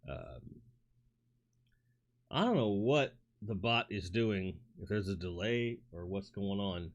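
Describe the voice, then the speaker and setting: A man's voice: on the low side, slow, highs cut off. A man with a New York accent hosting a casual livestream from home on a studio mic, rambling, reading chat aloud, with lots of fillers and restarts. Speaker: livestream host. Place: home toy room. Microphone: studio microphone.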